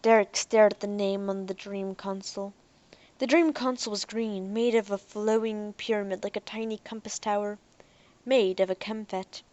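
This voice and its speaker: A woman's voice: medium pitch, fairly even intonation, moderate pace, darkish tone, dull audio. Woman reading a sci-fi audiobook. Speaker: audiobook narrator. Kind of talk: audiobook narration.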